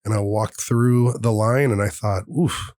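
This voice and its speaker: A man's voice: on the low side, steady tone, measured pace, a little mellow, no room sound. A man in his thirties, a podcast host, telling a personal story in an earnest, heartfelt way and acting out the dialogue. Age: 30s. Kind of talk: personal storytelling in casual conversation.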